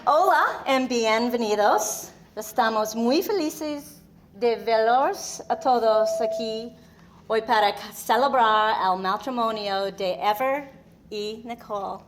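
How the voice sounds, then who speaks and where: A woman's voice: a little high, a little slow, a little hiss or hum. A middle-aged woman, mother of the bride, giving a chatty, self-deprecating wedding welcome speech.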